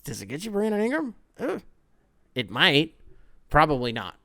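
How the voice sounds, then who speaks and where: Animated, profane man on a dry mic. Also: fairly high pitch, normal speed, gravelly, dry recording. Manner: rambling, profane and animated, with sudden loud outbursts. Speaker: podcast host. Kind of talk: casual solo podcast monologue.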